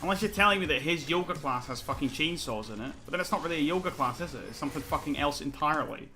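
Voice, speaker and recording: Male game streamer, bright tense voice, argumentative and profane, faint music under him. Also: on the high side, animated, quick pace. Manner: heated, profane, argumentative, self-critical. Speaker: streamer playing a competitive online game. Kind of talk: live gameplay commentary and ranting.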